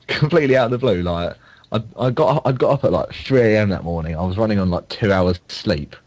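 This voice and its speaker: A young man chatting on a podcast, his voice sitting on the lower side. He rambles through stories, full of ums and restarts. The recording sounds dull and lo-fi. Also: fairly quick, darkish tone. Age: young adult. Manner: rambling storytelling with many fillers and restarts. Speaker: podcast co-host. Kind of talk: casual chat.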